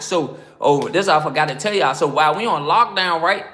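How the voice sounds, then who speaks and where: An American man spins a prison story in loose street slang. His voice sits a little high, and he keeps slipping into the voices of the people he quotes. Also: animated, brisk, pushed and bright. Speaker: prison story channel host. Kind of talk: casual storytelling.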